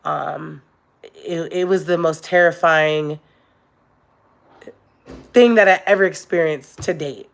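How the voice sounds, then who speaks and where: A woman's voice: sits low, takes it slowly, vocal fry, pauses often. A young adult woman talking candidly and emotionally to her viewers on a live stream, with many fillers. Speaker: vlogger. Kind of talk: casual live-stream chat.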